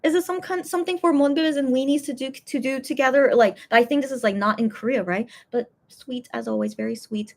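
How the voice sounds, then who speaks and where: A young woman with a somewhat high voice chats casually on a livestream, reading out fan messages. She rambles and stops and restarts often, full of fillers. She sounds emotional, close to tears. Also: fairly quick, few pauses, a little mellow.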